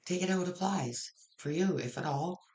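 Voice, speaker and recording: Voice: mid-range voice, moderate pace, creaky, a little mellow. Blunt, casual tarot reader. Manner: blunt, frank, swears casually; rambling with frequent restarts. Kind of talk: casual tarot reading to camera.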